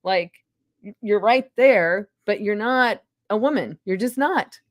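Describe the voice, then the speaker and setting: A woman hosting a podcast in casual conversation, sardonic and quick to laugh, often restarting her sentences. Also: medium pitch, no echo, studio quality. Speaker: podcast host.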